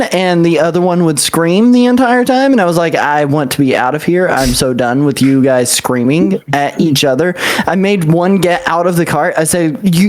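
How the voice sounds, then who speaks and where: A man's voice: on the high side, darkish tone. A man co-hosting a casual podcast, telling everyday stories and laughing often. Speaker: podcast co-host. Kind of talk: casual chat.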